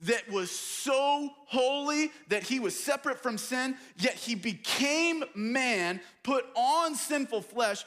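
A young man preaching a sermon as pastor, emphatic, swinging between loud declarations and hushed asides. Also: extremely high pitch.

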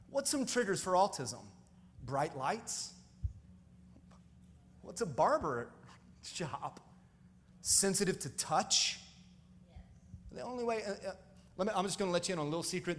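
A male pastor telling stories in a sermon, animated and calling out to the congregation. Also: a little high, in a large hall, a little hiss or hum. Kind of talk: storytelling sermon.

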